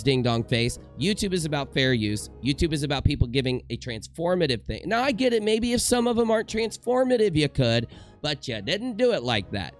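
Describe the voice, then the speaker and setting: Rambling, joking young YouTuber man. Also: a little high. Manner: joking, rambling, self-mocking asides. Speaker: commentary YouTuber. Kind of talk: casual commentary rant. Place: home room in front of a green screen.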